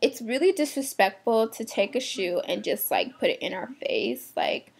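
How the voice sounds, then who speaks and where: Talking to the camera, a young shoe department employee lets off steam in a blunt, fed-up way, dropping casual swears. Her voice is on the high side and gravelly and husky, with lively intonation at a normal speed.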